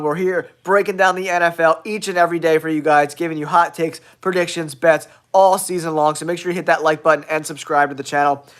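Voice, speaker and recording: Nasal man with a cold, hot takes. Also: on the high side. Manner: blunt, excitable hot takes addressing viewers. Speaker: sports show host. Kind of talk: casual football talk show.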